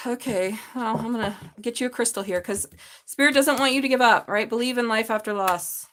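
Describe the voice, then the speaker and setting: A woman's voice: medium pitch, fairly even intonation, fairly quick, a bit bright. A woman giving a live tarot reading, chatty and laughing often, swearing freely and calling viewers babe. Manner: talks straight to viewers, calls them babe. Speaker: tarot reader.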